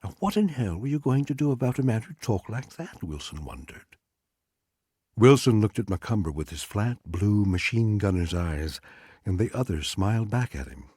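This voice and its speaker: A man narrates a literary story in a husky, low voice with a wide, animated pitch. His reading is dramatic and expressive, recorded close and dry. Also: moderate pace, no room sound. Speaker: audiobook reader.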